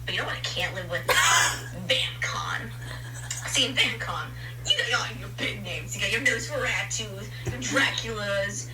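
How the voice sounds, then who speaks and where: A woman's voice: medium pitch, unhurried, background noise, lightly acted. A woman playing a sassy, fed-up male vampire clerk, swearing and giggling through an improvised comedy story. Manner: giggly, swearing retelling, breaking into laughs. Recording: group laughter behind.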